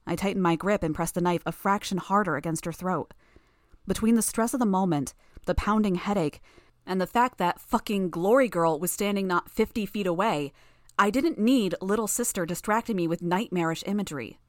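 A woman narrating a first-person novel in a tense, steady reading. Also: medium pitch, a little fast, no echo, clean studio sound. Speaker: audiobook narrator.

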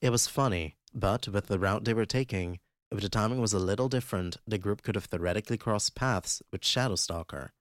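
A man narrating a fan-made audiobook in a steady, even storytelling manner. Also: lowish voice, fairly quick, dry recording, clean studio sound.

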